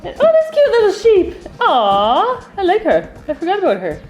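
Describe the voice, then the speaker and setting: A woman's voice: extremely high pitch, wildly swooping pitch, moderate pace, a little mellow, poor audio. A woman hosting a playful family video, cheerfully announcing each toy and laughing often. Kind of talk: playful commentary. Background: music.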